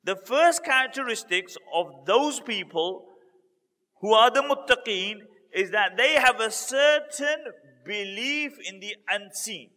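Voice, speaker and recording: A man giving a religious talk as a story, repeating key points for emphasis and building to lively retellings. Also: high-pitched, takes it slowly, long reverb tail. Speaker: Islamic preacher.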